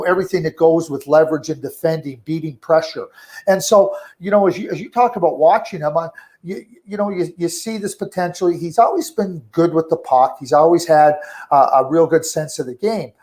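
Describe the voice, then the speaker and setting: Guesting on a conversational radio interview, a middle-aged man who directs hockey scouting speaks a little fast in a slightly raised pitch. He talks at length, stumbling over repeated words and starting over, then livens up whenever he acts out a quote.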